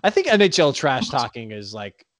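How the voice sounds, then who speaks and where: A man co-hosting a casual sports podcast, laid-back and joking, often trailing off quietly. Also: medium pitch, big pitch swings, normal speed, dry recording, studio quality. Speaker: podcast co-host.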